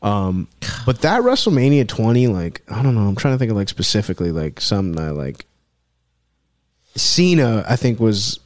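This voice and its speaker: A young man in casual chat, excitable and riffing, swearing as he talks. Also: lowish voice, moderate pace.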